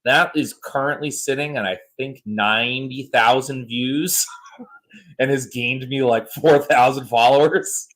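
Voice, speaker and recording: A man in his thirties hosts a casual podcast and tells stories with animated, joking energy. His voice sits in a middle pitch. He swears freely and easily. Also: unhurried, rough recording. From United States. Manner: animated storyteller, jokey and profane. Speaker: podcast host. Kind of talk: casual chat.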